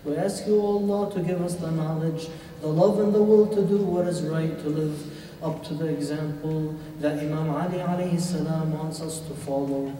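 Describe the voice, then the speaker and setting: A man delivering a sermon in a hall, telling a story dramatically and praying slowly. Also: a little high, steady tone, dark tone, slight background noise. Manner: dramatic storytelling, rising to impassioned, then slow lament. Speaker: shaikh giving a Ramadan lecture. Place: mosque or community center hall. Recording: echoey hall from far off.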